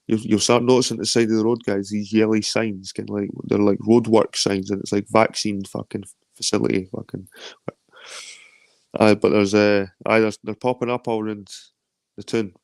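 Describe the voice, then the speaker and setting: A man's voice: lowish voice, little pitch movement, normal speed, creaky, a little mellow, no room sound. A Scottish man of around forty hosting a casual livestream, rambling, swearing freely and greeting viewers as he reads their comments. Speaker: livestream host.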